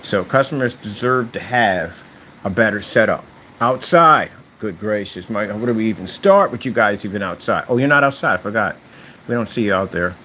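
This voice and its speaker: A man's voice: mid-range voice, lively intonation, fast, a bit bright, slight background noise. A man who runs a screen paint business, talking casually and boastfully to camera, trash-talking his competitors. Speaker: screen paint company owner. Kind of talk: casual promotional rant to camera.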